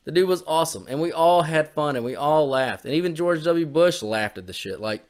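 A man's voice: fairly high pitch, expressive, brisk. Rambling, swearing American podcast guy. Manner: rambling, swears often, drawls. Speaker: podcast co-host. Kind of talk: casual profane chat.

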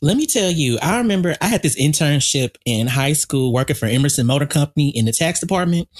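A young adult woman co-hosting a casual podcast, relaxed and joking, with country phrasing. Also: low-pitched, fast. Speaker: podcast co-host.

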